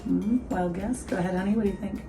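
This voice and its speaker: A woman's voice: medium pitch, fast, vocal fry, warm tone, soft background music, low-quality recording. A woman hosting a casual coffee-review vlog at home. She chats and giggles, quizzes her viewers, and makes asides to her dog.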